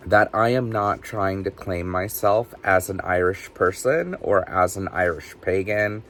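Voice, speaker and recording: A man casually telling personal stories in an animated, chatty way, full of fillers, for his witchcraft vlog. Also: deep voice, a little slow, a little hiss or hum. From United States. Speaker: witchcraft vlogger.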